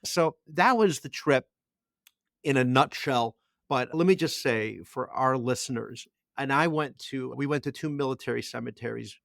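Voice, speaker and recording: This middle-aged podcast co-host has a gravelly, medium-pitched voice with a touch of brightness, speaking at a normal pace. In casual chat he spins a long story, frequently restarting and repeating himself. It's a clean, dry studio recording.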